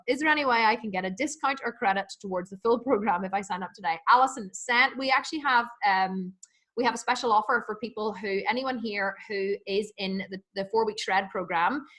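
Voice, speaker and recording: A woman fitness coach talks fast and warmly to her live audience, reading out their comments. Her voice sits a little high, and she restarts sentences often in an eager, chatty rush.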